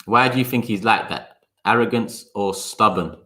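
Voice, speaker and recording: Low-pitched yet bright and forceful, this man hosts a casual livestream, calling out viewers by name. He speaks in quick bursts, drifting into sarcasm and swearing.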